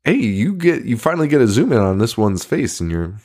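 A man's voice: mid-range voice, very animated, a little fast, darkish tone. Laughing, profane young man. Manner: profane, laughing, acts out movie lines. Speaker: podcast co-host. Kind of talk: casual horror movie chat.

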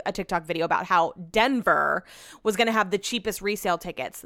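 A young woman hosts her podcast in loose, animated chat, rambling through stories with plenty of "like" fillers. Her voice is smooth and clear at an average pitch. The sound is dry and close, with no room around it. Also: dry recording. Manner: chatty, animated storytelling with many "like" fillers. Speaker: podcast host. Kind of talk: casual chat.

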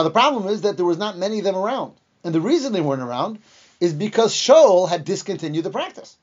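A man with a high voice teaches a lesson on the Bible, telling the story with energy and acting out the quoted lines. He pauses now and then with fillers and restarts, and the recording sounds dull and lo-fi. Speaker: Torah teacher.

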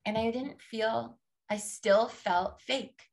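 A woman's voice: a little high, steady tone, slow pace, creaky. Sassy, emphatic woman coach. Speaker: podcast guest, fitness coach. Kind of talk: casual interview chat.

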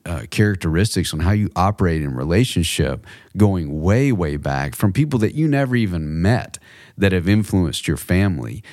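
A man's voice: sits low, darkish tone, no echo, clean studio sound. A man co-hosting a faith-based podcast, talking reflectively and telling personal stories with light humor. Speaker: podcast co-host.

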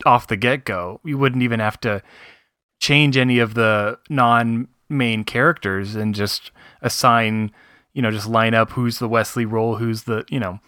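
A man co-hosting a casual podcast, tossing in quick jokes and asides. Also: medium pitch, steady tone, pushed and bright, clear, resonant tone, no echo, clean studio sound. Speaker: podcast co-host. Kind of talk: casual chat.

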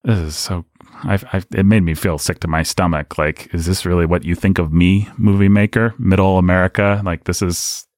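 A man co-hosting a podcast, talking in an animated, rambling and candid way about a book. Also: sits low, moderate pace, no echo, clean studio sound. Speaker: podcast co-host. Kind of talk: casual book discussion.

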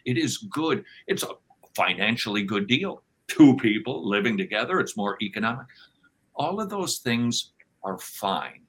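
A man with a lowish voice and a bright, forceful edge talks as a podcast guest. He teaches with a sermon-like drive, piling up emphatic phrases and slipping into little acted-out voices when he quotes people. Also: poor audio. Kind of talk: conversational interview, sermon-like teaching.

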